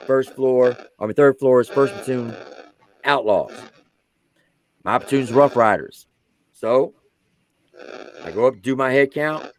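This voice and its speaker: A man, an army veteran who served as a drill sergeant, telling a story on a podcast in casual slang and acting out the quotes. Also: medium pitch.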